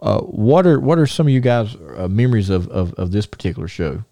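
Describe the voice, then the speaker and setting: Host, man. mellow tone, dry sound. chatty rambler. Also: on the low side, fairly quick, vocal fry, no echo. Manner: rambling, many restarts and fillers, animated. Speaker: podcast host. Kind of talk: casual storytelling and show segment intro.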